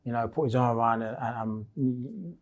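A man's voice: medium pitch, normal speed. A man, chatting as a podcast guest and telling long stories with lots of restarts. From England. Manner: rambling storyteller, many restarts. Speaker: guest, former footballer. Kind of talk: casual chat.

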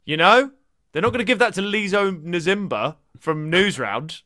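Male podcast co-host, slightly high, bright voice, dry close sound, jokey and sweary. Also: expressive, normal speed, no echo. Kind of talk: casual comedic chat.

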